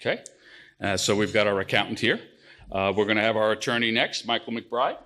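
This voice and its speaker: A middle-aged man with a New Jersey accent, moderating a panel with folksy, animated storytelling. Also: on the low side, fairly quick. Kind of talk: joke-telling moderation.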